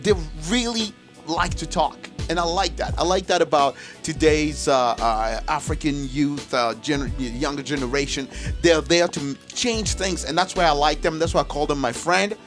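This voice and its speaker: A man's voice: fairly high pitch, moderate pace, fairly bright tone, faint music behind. A man hosting a live radio talk show from a studio, teasing and laughing with his guests.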